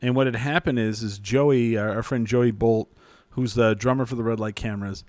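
A man's voice: medium pitch, steady tone, moderate pace, darkish tone, dry recording. Man from New Mexico, casual rambling storyteller, dry close sound. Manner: rambling, profane, laughing often.

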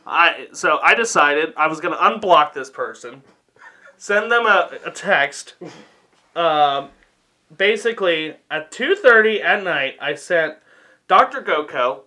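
A man's voice: a little high, expressive, a little slow, sharp tone. A young man co-hosting a podcast who tells a rambling story, swearing heavily and laughing often. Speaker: podcast co-host. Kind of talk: casual storytelling chat.

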